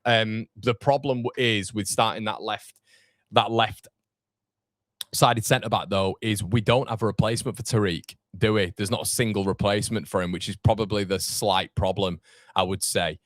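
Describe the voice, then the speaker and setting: Chatty man, low voice. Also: fairly even intonation, moderate pace, dry recording, clean studio sound. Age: 30s. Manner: chatty, rambling, lots of fillers and restarts. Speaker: fan channel watchalong host. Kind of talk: casual live-stream chat reading comments.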